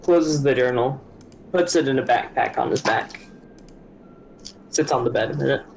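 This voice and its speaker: A man's voice: medium pitch, normal speed, creaky, darkish tone, a little hiss or hum, rough recording. A man playing a tabletop game, chatting casually and describing his character as he thinks aloud.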